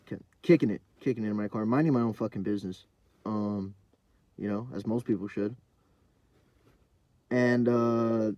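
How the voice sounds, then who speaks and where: A young male podcast host tells a rambling, profane story in a casual monologue full of fillers, sometimes sinking into a low mumble. The recording is dry and the audio sounds dull.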